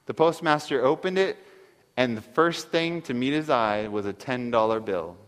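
A man's voice: medium pitch, normal speed, a bit bright. A male preacher earnestly retelling a story, reading parts of it aloud, with long hall reverb. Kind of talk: sermon storytelling.

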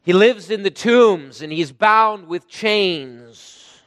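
A man preaching a sermon, emphatic, rising to loud bursts when he quotes. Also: high-pitched, animated, slow pace, dry recording, long reverb tail. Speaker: pastor.

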